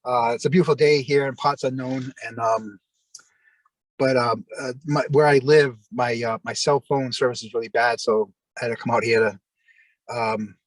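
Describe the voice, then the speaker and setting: A man's voice: medium pitch, steady tone, moderate pace, dry recording, poor audio. A middle-aged man, a former pro wrestler, telling rambling stories on a video call and acting out the voices of the people he quotes. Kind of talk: casual anecdotal storytelling.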